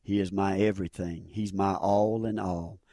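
A man's voice: deep voice, fairly even intonation, normal speed, mellow, no echo. A middle-aged man telling his personal faith testimony in an earnest, fervent way, repeating phrases for emphasis. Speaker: churchgoer giving testimony.

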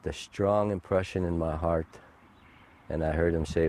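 A middle-aged man giving a personal faith testimony, halting and heartfelt, with many fillers and restarts. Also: sits low, steady tone, darkish tone, slight background noise. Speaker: guest sharing a testimony.

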